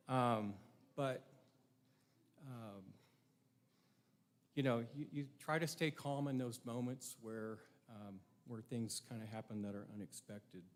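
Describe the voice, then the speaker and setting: A middle-aged man giving a prepared ceremony speech, earnest and reflective, with rhetorical questions to his audience. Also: mid-range voice. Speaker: ceremony speaker.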